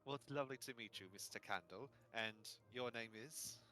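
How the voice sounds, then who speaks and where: A man's voice: mid-range voice, a little fast, bright, forceful tone, faint music behind, close to an everyday voice. A man playing a courteous, whimsical male adventurer in a tabletop role-play. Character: genteel, chatty male adventurer.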